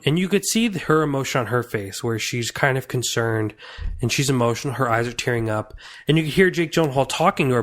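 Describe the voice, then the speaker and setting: Young man, podcast film reviewer, earnest, rambling, mid-pitched voice. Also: fairly bright tone. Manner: earnest and rambling, restarts and loses his place. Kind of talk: casual spoken film review.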